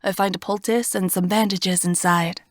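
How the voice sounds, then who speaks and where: A woman reading a first-person fantasy audiobook in a steady, expressive storytelling voice, recorded on a close studio mic. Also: on the low side, normal speed, no echo. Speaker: audiobook narrator.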